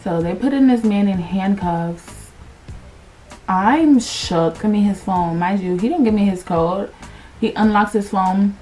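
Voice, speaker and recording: A young adult woman telling a storytime on her vlog, animated and slangy, swearing freely and acting out what people said. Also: mid-range voice, a little slow, far from the mic, faint music behind. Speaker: vlogger. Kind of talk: casual storytime.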